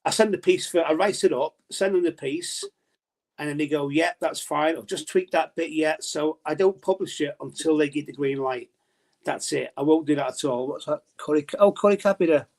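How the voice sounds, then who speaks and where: A man's voice: on the high side, a little fast, a little mellow. A man talking as a podcast guest about his darts journalism in a casual, rambling way with many restarts.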